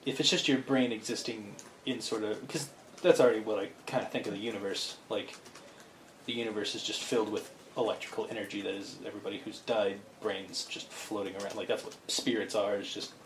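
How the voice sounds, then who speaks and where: The co-host's voice sits lowish as he chats casually, rambling with enthusiasm and often restarting his thoughts. The recording has a little hiss or hum, with echo and faint room ambience.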